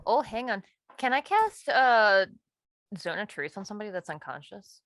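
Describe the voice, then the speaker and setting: A woman's voice: mid-range voice, sing-song, normal speed, a bit bright. A woman playing a tabletop game who suggests plans in a practical way. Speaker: player. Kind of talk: casual tabletop play.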